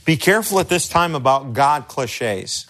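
Middle-aged male pastor instructor, mid-pitched, earnest and conversational, often restarts phrases. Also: animated, normal speed, fairly bright tone. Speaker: pastor teaching crisis care. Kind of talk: instructional talk with personal stories.

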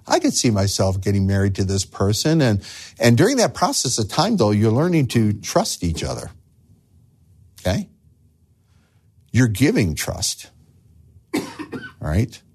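A man's voice: fairly low pitch, darkish tone. A man preaching a sermon as a pastor, earnest, asking the listeners rhetorical questions and repeating words as he starts phrases.

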